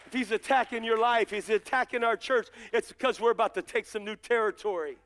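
Man, pastor, very high voice, fervent sermon, folksy humor, shouting peaks, church. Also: brisk, a little hiss or hum. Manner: fervent preaching that rises to shouts; folksy and joking, addresses members of the congregation.

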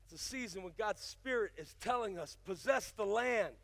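An older male pastor preaching, moving from folksy storytelling into fiery, shouted exhortation. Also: high-pitched, lively intonation, normal speed, gravelly, dry recording. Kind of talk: sermon.

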